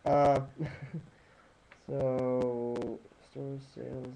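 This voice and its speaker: A man's voice: medium pitch, level tone, drawn-out words, creaky, warm tone, low-quality recording. Rambling man talking nutrition stats. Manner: rambling, many fillers and restarts, self-deprecating asides. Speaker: nutrition presenter. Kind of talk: casual informal lecture. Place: home room at sunrise.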